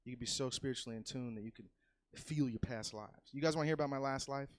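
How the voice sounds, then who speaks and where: Male stand-up comic, casual and profane, average pitch, dry close sound, loud yelled punchlines. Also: fast, no echo. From California. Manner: loose, profane, swings into loud yelled bits. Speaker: stand-up comedian. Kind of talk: stand-up set. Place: comedy club stage.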